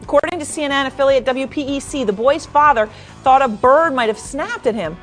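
A woman's voice: high-pitched, a little fast, fairly bright tone, faint music behind. A woman co-hosting a radio show, telling a news story in a chatty, offhand way. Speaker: radio co-host reading news stories. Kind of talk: reading a news story casually.

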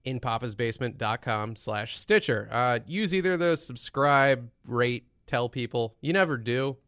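A man's voice: mid-range voice, expressive, normal speed, fairly bright tone, smooth, no room sound, studio quality. Sarcastic young man hosting a podcast. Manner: sarcastic, joking. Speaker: podcast host. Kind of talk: casual podcast banter.

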